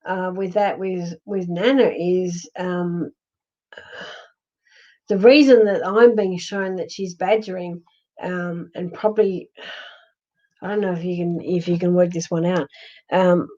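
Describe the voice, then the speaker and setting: A woman's voice: medium pitch, a little mellow. A middle-aged woman from Australia hosting a live psychic reading stream, chatty and giggly, full of ums and restarts. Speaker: psychic medium host. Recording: dull lo-fi live stream audio.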